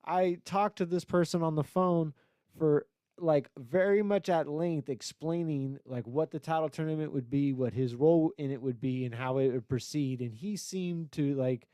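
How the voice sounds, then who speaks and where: A young man on a podcast, heated and mocking, swearing nonstop as he rants. His voice sits a little high and comes through smooth and clear. The close mic sounds dry, with no room around it. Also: normal speed, dark tone, no room sound. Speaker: podcast host and battle rapper. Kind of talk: profane, ranting podcast talk.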